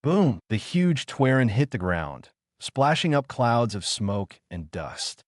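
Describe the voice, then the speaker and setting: A man's voice: medium pitch, big pitch swings, slow, no echo, clean studio sound. A man narrating an audiobook novel, reading every character in the same voice. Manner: reads all characters in one voice with few changes. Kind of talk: scripted narration.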